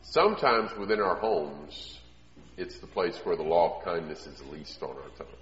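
A man preaching a sermon in an earnest way, often dropping to quiet emphasis. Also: sits low, lively intonation, normal speed. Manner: earnest, drops to quiet emphasis, acts out quoted voices. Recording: echoey hall, dull lo-fi sound.

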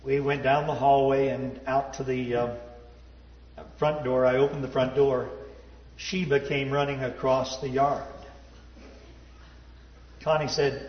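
A man's voice: flat delivery, unhurried, long pauses. Folksy man preaching in an echoing hall. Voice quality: folksy, self-deprecating, drops to a low hush at sad moments. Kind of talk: storytelling sermon. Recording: roomy hall reverb, dull sound.

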